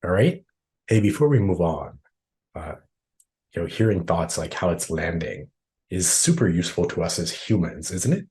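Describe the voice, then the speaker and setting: A man's voice: low voice, lively intonation, normal speed, a little mellow. A man leading a professional training session, talking casually and acting out people's inner voices with frequent tag questions. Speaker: workshop trainer.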